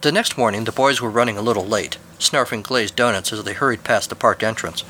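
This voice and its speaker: A man's voice: lowish voice, a little fast, bright, forceful tone, slight background noise. A man hosting a podcast, reading a scripted spooky story and outro with a dry, wry delivery.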